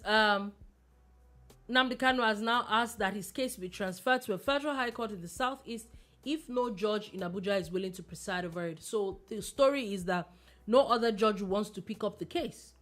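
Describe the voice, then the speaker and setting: A Nigerian woman co-hosting a radio news chat. She talks bluntly and with plenty of life, at a middling pitch, and drops local expressions as she goes. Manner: blunt, lively, uses local phrases. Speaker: radio show co-host. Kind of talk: casual news discussion.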